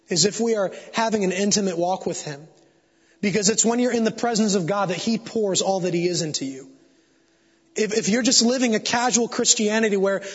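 A man's voice: high-pitched, husky. A man preaching a sermon to a congregation, telling an earnest, confessional story and building to fervent exhortation. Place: church sanctuary before a congregation. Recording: dull sound with long hall reverb.

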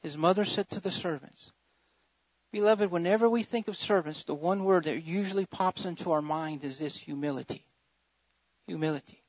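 A pastor preaching a sermon, swinging between loud fervent surges and quieter emphatic stretches, repeating key phrases for emphasis. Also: male voice, high voice, normal speed, no echo. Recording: dull lo-fi sermon recording.

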